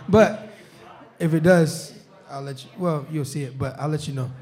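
A man's voice: fairly high pitch, a little slow, warm tone. A young man, a football player on a live talk show, chatting casually and laughing often. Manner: laid-back, laughs often, says "you know what I'm saying". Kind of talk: casual chat. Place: bar or restaurant with live show.

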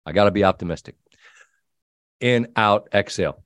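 A middle-aged man hosting a sports talk show, telling an animated story and acting out the people in it. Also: fairly low pitch, normal speed, no echo. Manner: animated storyteller, quoting himself and others. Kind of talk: casual storytelling chat.

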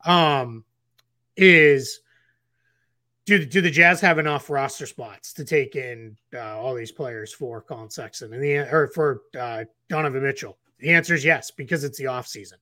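A man's voice: medium pitch, normal speed, sharp tone, no room sound, clean studio sound. A man co-hosting a casual basketball podcast, rambling with restarts and fillers. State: getting the hiccups. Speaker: podcast co-host analyst.

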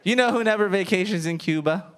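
A man in his thirties, a stand-up comedian, talking in an animated, self-mocking way with frequent laughter. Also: high voice, fast. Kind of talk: stand-up set, then interview.

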